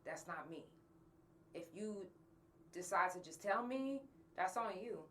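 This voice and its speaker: Woman host, candid rant, heavy cursing, low-ish voice; faint background hiss. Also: expressive, slow pace, a bit bright, far from the mic. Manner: blunt, angry, swears often. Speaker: podcast host. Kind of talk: candid monologue to listeners.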